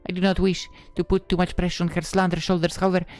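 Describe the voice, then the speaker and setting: A woman voicing a gentle, caring young priestess who speaks softly and dreamily, in a visual novel reading. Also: on the low side, flat delivery, faint music behind, pitched above the performer's own voice, natural voice. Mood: wistful. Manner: soft, slow, dreamy.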